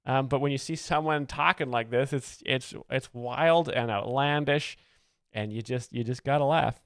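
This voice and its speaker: A man giving earnest, rambling, deadpan mock-expert commentary as a comedy show host, close to the mic. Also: mid-range voice, moderate pace, clean tone, dry recording.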